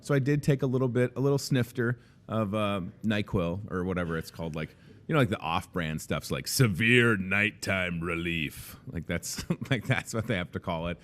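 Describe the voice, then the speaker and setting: A man in his thirties with a fairly low voice hosts a casual show from a grocery store café. He talks briskly, joking, rambling, and poking fun at himself.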